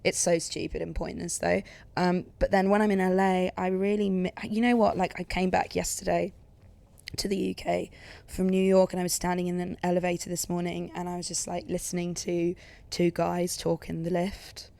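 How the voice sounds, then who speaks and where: A woman's voice: lowish voice, level tone, moderate pace, creaky, mellow. A young woman from England with an Essex accent, chatting casually as a podcast guest, full of "like" and sarcastic asides. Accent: English, Essex.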